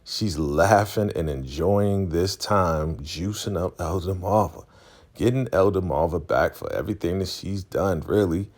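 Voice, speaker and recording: A man with a very deep, gravelly, husky voice recaps a TV episode in a relaxed vlog. His pitch swings widely as he talks, and he stays casual and slangy throughout. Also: a little slow. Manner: laid-back, chatty, slangy. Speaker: TV recap vlogger.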